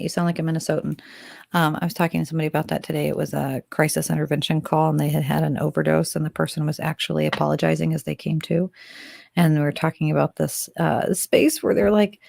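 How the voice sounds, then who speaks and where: A woman with a slightly low voice co-hosts a casual astrology chat. She talks with lively enthusiasm and wanders off on tangents, and the recording is dry and close. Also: quick pace, vocal fry, no echo. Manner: animated, enthusiastic, rambling. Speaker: astrology podcast co-host.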